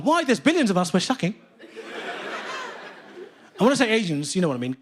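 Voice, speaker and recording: Lively, high-voiced British stand-up comedian. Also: male voice, a little fast. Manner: animated, profane, mock-indignant. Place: theatre stage with live audience.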